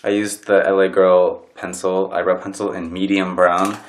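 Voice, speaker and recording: A young man's low, level voice carries at a moderate pace as he chats through a casual makeup tutorial at home. The vlogger rambles, mocks himself and keeps saying "like," filming with his camera on a box. The room gives off a roomy echo.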